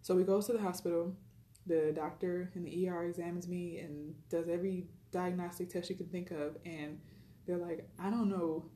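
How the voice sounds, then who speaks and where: Brief: woman, lowish mellow voice, quick chatty storyteller full of fillers. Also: little pitch movement, roomy sound. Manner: chatty, retells dialogue, frequent fillers. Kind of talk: personal storytelling.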